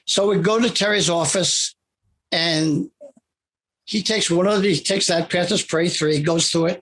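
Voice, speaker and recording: An older man with a husky, slightly raised voice tells stories from his career. He talks in an animated, rambling way and often restarts his sentences. He is a guest being interviewed about his work. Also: high-pitched, measured pace. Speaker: interview guest, comic writer. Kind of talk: anecdotal storytelling in conversation.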